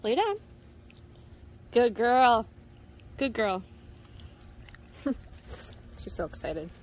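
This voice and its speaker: A woman's voice: a little high, sing-song, drawn-out words, a little mellow. Playful woman coaching her pet through tricks. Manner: playful, coaxing, laughing. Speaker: pet owner. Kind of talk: casual pet training commentary.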